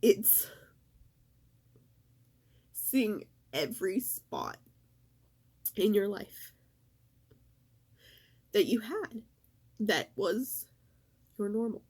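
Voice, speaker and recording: A middle-aged woman in a casual vlog, talking in a halting, emotional way and fighting back tears. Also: medium pitch, sing-song, darkish tone, slightly rough. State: tearful. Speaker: vlogger.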